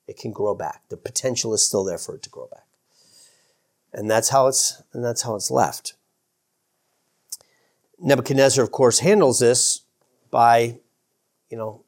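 A man's voice: mid-range voice, a little mellow. A male pastor preaching a sermon in a loose, conversational way, with fillers, repeats and self-corrections.

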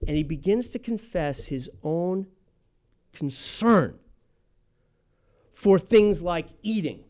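High-voiced man preaching with fervor. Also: expressive. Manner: impassioned preaching with sudden loud and slow emphatic phrases. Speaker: pastor. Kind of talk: sermon.

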